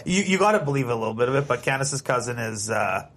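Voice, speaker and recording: A man hosting a podcast, chatting casually and telling a story with animated asides. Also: medium pitch, fast, a little hiss or hum. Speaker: podcast host. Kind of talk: casual chat.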